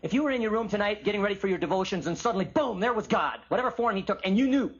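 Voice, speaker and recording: A man giving an animated Bible teaching and acting out the voices of biblical figures. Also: sits high, rapid-fire, husky. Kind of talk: teaching sermon with acted quotes. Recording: muffled lo-fi recording of a talk.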